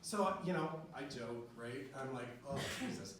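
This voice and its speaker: A man's voice: mid-range voice, expressive, a little slow, over a noisy crowd. Chatty man telling a story on stage. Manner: chatty, laughing often, many fillers. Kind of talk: personal story told live on stage. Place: small venue with live audience. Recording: very echoey room, distant mic, audience noise.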